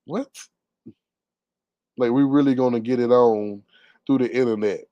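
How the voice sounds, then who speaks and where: A man's voice: mid-range voice, fairly even intonation, a little slow, no echo, lo-fi sound. Sassy, gossipy man with dry sound. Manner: sassy, gossipy, laughing asides. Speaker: commentary vlogger. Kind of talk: casual commentary.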